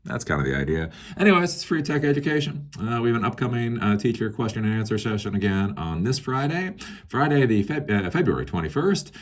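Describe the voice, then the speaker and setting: Animated sarcastic man hosting tech commentary. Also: mid-range voice, brisk. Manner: sarcastic, animated, laughs at his own jokes. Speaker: host of a tech commentary show. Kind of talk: casual rambling commentary.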